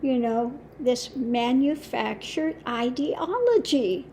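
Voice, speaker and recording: A woman speaking as a spiritual teacher in a casual monologue, deliberate and scornful, with long pauses. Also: high-pitched, expressive, warm tone, a little hiss or hum. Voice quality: slow, deliberate with long pauses and frequent laughs. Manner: scornful, emphatic, mocking.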